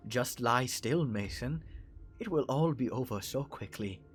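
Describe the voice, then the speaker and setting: A man voicing a dead man come back, speaking softly in a measured, quietly menacing way with a put-on accent. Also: medium pitch, lively intonation, faint music behind, lightly acted. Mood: soothing menace. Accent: foreign accent put on. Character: dead man returned, eerie and calmly polite.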